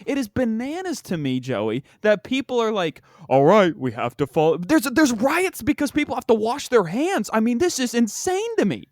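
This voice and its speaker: A man hosting a podcast, talking in a casual, excitable way with incredulous outbursts. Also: very high-pitched, moderate pace, few pauses, no room sound, clean studio sound. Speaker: podcast host.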